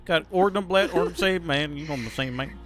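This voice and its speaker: A man's voice: on the high side, brisk, loud music behind the voice, lightly acted. A man voicing a mumbling swamp sailor with a slurred put-on drawl.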